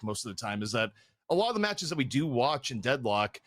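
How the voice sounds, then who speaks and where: A man's voice: medium pitch, sing-song, brisk, a bit bright, no room sound, clean studio sound. Man giving esports draft analysis. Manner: analytical, thinking aloud with restarts. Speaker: esports caster.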